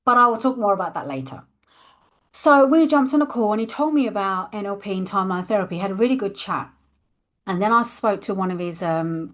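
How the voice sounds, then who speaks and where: A woman, a coach candidly telling her personal story and acting out her past thoughts. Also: lowish voice.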